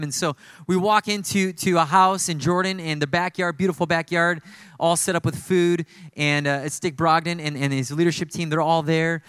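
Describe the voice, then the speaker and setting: Male pastor, conversational sermon storyteller, slightly high voice. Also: fairly bright tone, clear, resonant tone, no room sound. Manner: conversational, storytelling preaching with lots of asides.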